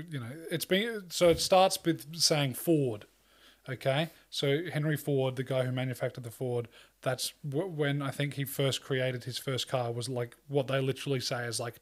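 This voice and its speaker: A man talking casually in a rambling way, full of fillers and swearing, acting out quoted lines. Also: medium pitch. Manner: acts out quoted lines in a loose voice. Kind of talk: casual chat.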